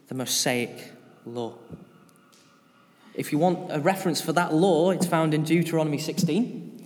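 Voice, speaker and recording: A man's voice: a little high, normal speed, pauses often, long reverb tail. A man preaching an informal sermon in a church, chatty and often putting questions to the congregation.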